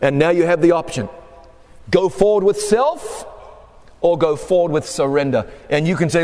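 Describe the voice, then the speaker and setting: Male pastor, sermon, high voice, emphatic and conversational, long hall reverb. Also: normal speed, a little mellow.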